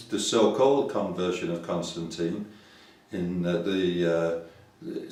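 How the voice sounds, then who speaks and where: Low-voiced older Yorkshire man preaching. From Yorkshire, England. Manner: rambling, conversational, hesitant. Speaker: website preacher. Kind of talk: casual sermon to camera. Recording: echoey room from far off.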